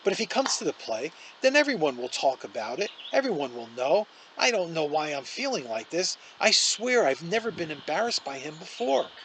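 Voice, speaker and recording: A man's voice: on the high side, very animated, moderate pace, hardly any pauses, fairly bright tone, slight background noise, voice pushed up, rough recording. A man reading aloud and voicing a teenage girl who is upset, pleading and close to sobbing. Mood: tearful. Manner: upset, pleading, breaking into sobs. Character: teenage girl, tearful and defensive.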